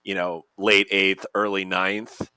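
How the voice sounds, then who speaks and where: A man's voice: sits low, flat delivery, takes it slowly, sharp tone, clear, resonant tone, dry recording. A man co-hosting a podcast who talks through game rules in a casual, methodical way with plenty of fillers. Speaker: podcast co-host. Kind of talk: casual explanatory chat.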